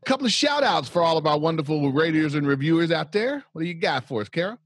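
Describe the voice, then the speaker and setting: A man's voice: on the high side, very animated, fast talker, slightly rough. A man from Oklahoma hosting a tabletop game podcast as dungeon master, chatty and upbeat, laughing often. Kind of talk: podcast intro and announcements.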